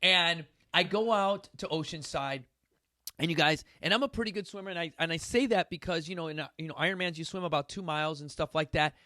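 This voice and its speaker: A middle-aged man hosting a casual talk show, telling a story with animated bursts of loud acting-out. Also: a little high, a little fast. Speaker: podcast host.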